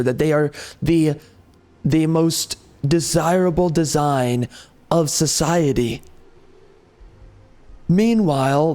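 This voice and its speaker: Ranting man, fairly high voice. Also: a little mellow. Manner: ranting, repetitive, exasperated. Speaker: gaming video creator. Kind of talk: heated commentary over gameplay.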